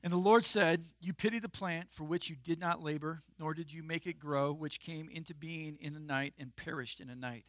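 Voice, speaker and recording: A man preaching in a conversational sermon style that breaks into sudden emphatic bursts. His voice is bright and a little higher than most men's. The sound is dry and close, with no room echo. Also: normal speed, hardly any pauses. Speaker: pastor.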